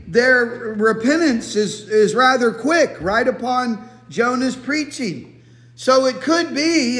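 A man giving a Bible teaching sermon in a relaxed, conversational way, full of restarts and asides. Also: extremely high pitch. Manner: conversational, many restarts and fillers. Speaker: preacher. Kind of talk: expository sermon. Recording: echoey hall.

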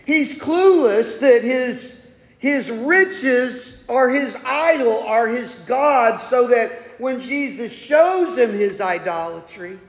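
A man with a strikingly high voice preaches slowly and deliberately. He bursts into loud emphatic cries, then drops to hushed asides. His words ring through a church hall with long reverb. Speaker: pastor. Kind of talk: sermon. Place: church sanctuary.

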